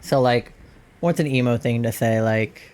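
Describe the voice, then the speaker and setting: A woman's voice: rumbling low, normal speed, darkish tone. Rambling woman streamer, filler-heavy and laughing a lot as she chats while gaming. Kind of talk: casual chat while gaming.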